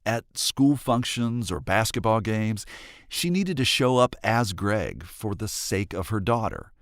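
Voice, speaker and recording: Lively, lowish male radio reporter. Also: measured pace, no room sound, studio quality. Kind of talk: scripted radio narration.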